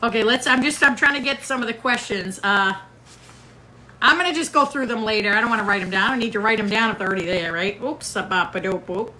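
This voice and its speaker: A middle-aged woman with a bright, forceful voice, hosting a casual livestream and chatting playfully as she reads out viewer comments. Her pitch sits a little above the usual, and a faint hiss of background noise stays under the phone-mic recording. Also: quick pace. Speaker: livestream host.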